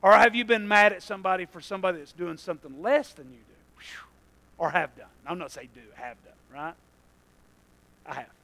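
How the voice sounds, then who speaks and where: A man preaching a sermon, moving between quiet asides and loud passages and laughing at his own jokes. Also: sits high, fairly quick, creaky, poor audio. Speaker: pastor.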